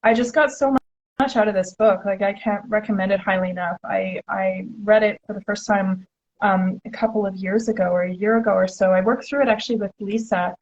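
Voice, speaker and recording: A woman's voice: medium pitch, fairly even intonation, a little fast, darkish tone. Chatty enthusiastic woman host, lo-fi audio. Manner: enthusiastic, chatty, many "like" fillers. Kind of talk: casual interview chat.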